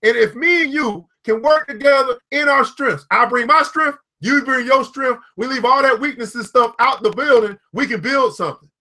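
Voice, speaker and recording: A high-pitched man gives a live motivational talk. He is preachy and repetitive and keeps calling out viewers by name. His tone is bright and forceful. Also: normal speed. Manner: preachy, repetitive, calls out viewers by name, laughs at own jokes. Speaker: founder giving a motivational talk.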